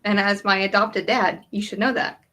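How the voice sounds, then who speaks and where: A woman's voice: mid-range voice, fairly even intonation, moderate pace, a bit bright. Easygoing woman with an upstate New York accent. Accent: New York State. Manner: easygoing, laughing, short replies. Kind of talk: casual chat.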